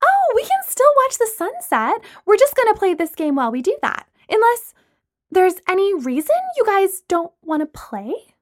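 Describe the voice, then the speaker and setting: A woman's voice: sits high, big pitch swings, moderate pace, voice pushed up. A woman reading a story voices a scheming young hostess who talks with sweet, mischievous emphasis. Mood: sly cheer. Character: scheming, theatrical young woman hosting friends.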